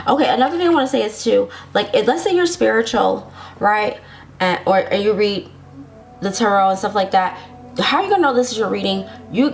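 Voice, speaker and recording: A woman giving a casual tarot love reading to her viewers, sassy and chatty, laughing often and talking straight to them. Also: mid-range voice. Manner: speaks directly to viewers, reassuring. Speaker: tarot reader.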